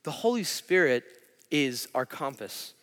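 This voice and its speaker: A man's voice: medium pitch, sing-song, a little slow, a bit bright. A man preaching a sermon as pastor, telling a self-deprecating story from his own life. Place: church. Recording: church hall reverb.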